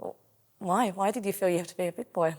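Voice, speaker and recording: A woman interviewing a guest, asking gentle questions with frequent "um" and "you know". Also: lowish voice, fast.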